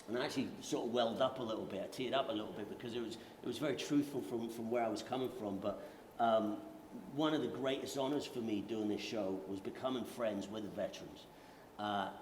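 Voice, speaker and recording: A British man with a London accent telling stories on a panel in a joking, self-deprecating way. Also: fairly low pitch. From Britain. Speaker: actor on a veterans' conference panel. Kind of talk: casual panel storytelling. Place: conference hall panel. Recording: roomy echo with faint noise.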